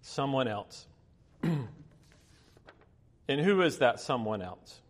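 A man's voice: mid-range voice, sing-song, slow. A man in his fifties, a pastor preaching a sermon, telling a personal story in a chatty way with many fillers and laughing asides. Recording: long hall reverb.

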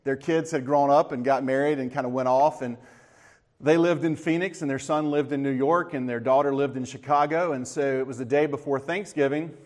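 A middle-aged man gives a casual church talk in a folksy, joking manner. His voice sits at an ordinary male pitch, and a long reverb trails each phrase as it carries through a large hall. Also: a little fast. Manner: folksy, tells corny jokes with relaxed asides. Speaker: church speaker.

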